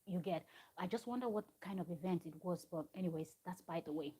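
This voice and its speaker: Chatty woman, mellow husky voice. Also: on the low side, quick pace. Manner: chatty, digressive storytelling with asides to viewers. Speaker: show recap host. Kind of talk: casual live-stream recap of a reality show. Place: at home. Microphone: live-stream microphone.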